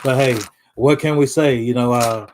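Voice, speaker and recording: A man's voice: medium pitch, steady tone, moderate pace, darkish tone, slight background noise. A man in a mid-range voice riffing on a casual sports monologue. He rambles, circles back, and leans on fillers. His phrasing is loose and conversational. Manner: rambling, lots of fillers, Southern dialect phrasing. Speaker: sports commentator.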